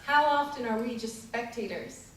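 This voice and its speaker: A woman preaches a sermon in an echoey hall, picked up by a distant mic with a little hiss or hum. Her voice is on the high side and moves at a normal speed as she tells a story earnestly, with some fillers and restarts.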